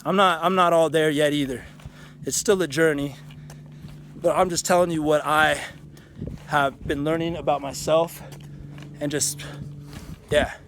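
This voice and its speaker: A man's voice: fairly high pitch, steady tone, unhurried, long pauses, a bit bright, a little hiss or hum. A man vlogging outdoors in a canyon, giving a casual motivational talk that is earnest, frank and full of swearing. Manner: earnest, frank and profane, with many restarts.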